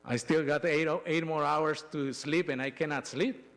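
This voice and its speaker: A middle-aged man giving a personal testimony in a church, telling his story in an emotional, halting way with frequent restarts. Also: fairly high pitch, fairly even intonation, creaky, a bit bright. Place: church sanctuary.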